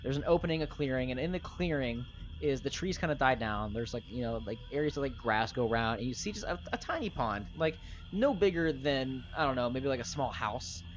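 A man's voice: mid-range voice, expressive, fairly quick. A young man narrating as game master in a loose, rambling way full of fillers, on a muffled lo-fi recording. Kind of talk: casual tabletop game narration.

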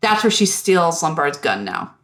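A woman hosting a podcast in casual chat, animated and profane, laughing often and acting out lines. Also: low voice, moderate pace. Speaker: podcast host.

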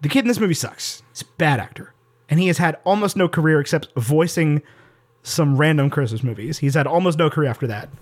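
A man co-hosting a podcast in casual chat, quick and lively, given to impressions. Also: on the high side. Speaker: podcast co-host.

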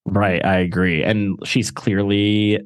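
A man's voice: lowish voice, level tone, takes it slowly, no echo, clean studio sound. A man co-hosting a podcast, chatting and rambling, with lots of filler words. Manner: chatty, rambling, heavy use of "like". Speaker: podcast co-host. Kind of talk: casual chat.

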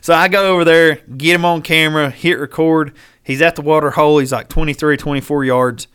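A man's voice: on the high side, brisk, clean tone. A man telling a hunting story in casual, profane talk, acting out the lines of the people in it. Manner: animated, profane, acts out quoted dialogue.

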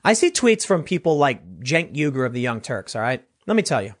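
A man doing solo political commentary, animated and rambling, often restarting his sentences. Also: medium pitch, brisk.

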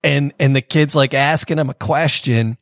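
A man's voice: medium pitch, dry recording, studio quality. A man co-hosting a casual chat, rambling and restarting often as he tells a story. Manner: rambling, halting, many restarts. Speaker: co-host.

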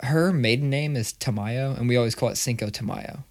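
A man's voice: mid-range voice, brisk. A man co-hosting a podcast, chatting casually and ranting with lots of swearing. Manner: profane, animated ranting storyteller. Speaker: podcast co-host. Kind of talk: casual chat. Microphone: studio microphone.

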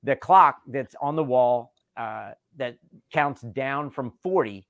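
A comedian from North Carolina and Delaware telling stories in a casual chat and acting out the dialogue. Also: male voice, medium pitch, takes it slowly, vocal fry, no echo, studio quality. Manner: animated, acts out quoted dialogue. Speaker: stand-up comedian guest.

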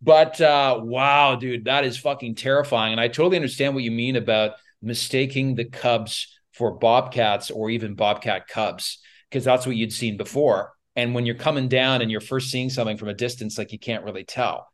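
A man hosts a relaxed interview with an excitable, loose manner. He swears freely and calls his guest dude. His voice sits at an ordinary mid pitch. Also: normal speed, few pauses. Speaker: podcast host. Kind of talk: casual interview.

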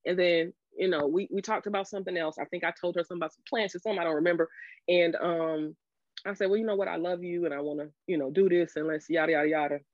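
A woman's voice: on the low side, no room sound. Candid woman retelling a breakup. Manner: emotional, halting, many restarts, animated when quoting herself. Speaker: podcast guest. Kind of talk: candid storytelling about a marriage. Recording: dull lo-fi audio.

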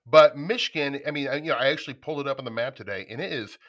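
A man's voice: medium pitch, very fast, a bit bright. A man from Nebraska hosting a podcast, chatting casually and enthusiastically, laughing often. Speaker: podcast host. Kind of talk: casual chat.

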